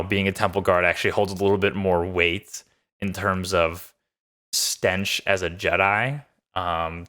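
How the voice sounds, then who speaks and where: A man's voice: low-pitched, a bit bright. A man casually recapping and reviewing a TV episode, upbeat and rambling with lots of fillers. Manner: enthusiastic, loose with many fillers. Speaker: show reviewer.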